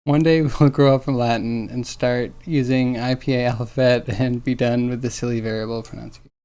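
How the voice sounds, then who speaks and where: A male streamer chats casually while working on a digital sculpt, drifting from thought to thought and chuckling often. His talk is loose and musing, with many restarts along the way. His pitch sits in the middle range. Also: steady tone, brisk, dark tone, clean tone.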